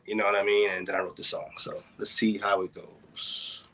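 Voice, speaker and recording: A man's voice: lowish voice, level tone, moderate pace, bright, forceful tone. A man performing spoken word poetry at an online open mic over a video call. His delivery is rhythmic, builds in intensity, and leans on wordplay. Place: home, joining a virtual open mic.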